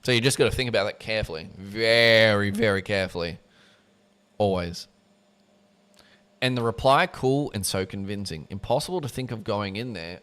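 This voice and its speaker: A man's voice: fairly low pitch, moderate pace, fairly bright tone, smooth. A man reading a book aloud on a livestream, breaking off for casual asides that include swearing. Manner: casual asides with swearing between read passages.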